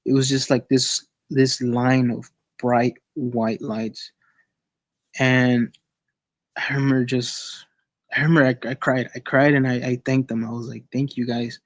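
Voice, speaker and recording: A man sharing a personal experience as a guest on an online call, in a casual, halting way with many restarts and repeated words. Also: mid-range voice, flat delivery, dry recording.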